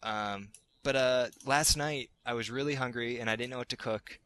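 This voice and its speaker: A man's voice: medium pitch, normal speed, sharp tone, clear, resonant tone. A man hosting a casual gaming podcast, rambling a little and often restarting his sentences. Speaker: podcast host.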